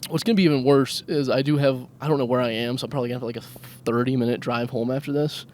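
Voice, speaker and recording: A man's voice: mid-range voice, fairly even intonation, rapid-fire, darkish tone, slight background noise. Crude self-mocking man rambling in a car. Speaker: podcast host. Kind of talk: solo comedic rambling podcast. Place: car, driving. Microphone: handheld microphone.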